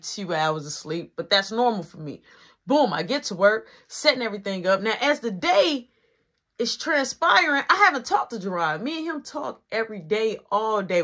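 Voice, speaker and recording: A man casually telling a long personal story to camera, slangy and animated, often checking in with the listener. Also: high-pitched.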